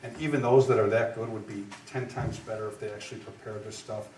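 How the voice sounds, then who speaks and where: A man's voice: lowish voice, steady tone, quick pace, darkish tone. A man teaching trial skills to lawyers in a live lecture, talking in a conversational, emphatic way and checking in with "right?" and "okay?", recorded far off in an echoey room with faint noise. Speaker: trial advocacy instructor.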